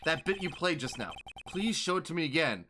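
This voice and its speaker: A man's voice: fairly high pitch, lively intonation, pushed and bright, a little hiss or hum. A man doing a cool, composed prosecutor. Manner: measured and confident. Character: cool, composed male prosecutor, sharp and analytical. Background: game music.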